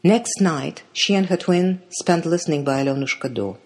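A storyteller giving a measured, dramatic reading of a fairy tale. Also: medium pitch, husky. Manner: measured, dramatic read-aloud delivery.

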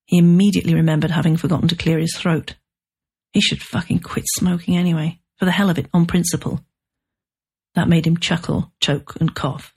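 Husky, low-voiced woman narrating a novel. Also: little pitch movement, a little fast, a little mellow. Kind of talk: scripted audiobook narration.

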